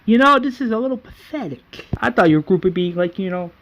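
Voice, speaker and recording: A man putting on a high, sneering redneck. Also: moderate pace, gravelly, fairly bright tone, lo-fi sound. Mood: mocking. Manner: taunting, cocky.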